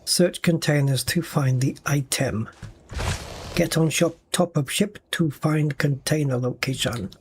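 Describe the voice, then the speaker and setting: A man with a slightly raised voice talks casually to himself while streaming a game at his home rig, his dry, wry asides falling in a relaxed flow. Faint game sounds hum behind him. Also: a little high, a little slow. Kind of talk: casual livestream commentary. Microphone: desk mic at a gaming rig.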